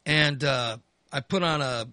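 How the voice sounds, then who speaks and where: A man hosting a talk show who tells a crude story in an animated, exasperated way and swears freely. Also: mid-range voice, a little slow, no echo. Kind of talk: casual storytelling chat.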